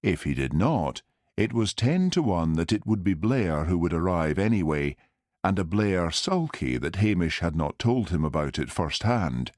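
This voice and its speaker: A man reading an audiobook in steady, measured scripted narration. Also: sits low, no room sound, clean studio sound.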